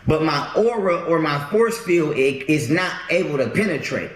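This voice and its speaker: A man telling an animated story in a casual group chat, emphatic and swearing, with stumbling restarts. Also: on the high side, normal speed, reverberant, a loud crowd. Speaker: storyteller guest.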